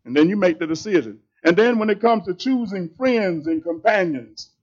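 A man preaches, his voice pitched high. He talks plainly and conversationally but presses his points hard. The recording sounds slightly dull and lo-fi. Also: animated, moderate pace, a little mellow. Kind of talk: sermon.

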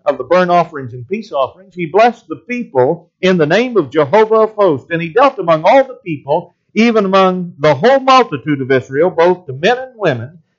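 High voiced guy preaching, reads old scripture aloud, kinda muffled lo-fi sound. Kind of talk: sermon.

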